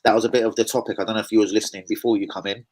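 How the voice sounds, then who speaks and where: A man's voice: on the low side, fairly even intonation, very fast, a little mellow, a little hiss or hum, poor audio. A man hosting a live football fan stream, chatting casually, reading out viewer comments and swearing freely. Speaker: fan channel host. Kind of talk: live football preview chat.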